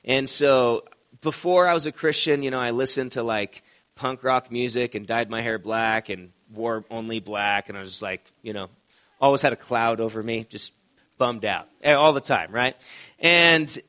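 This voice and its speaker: A man's voice: fairly high pitch, pushed and bright. A male pastor preaching a sermon in a conversational, storytelling manner. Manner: conversational, storytelling with quoted voices.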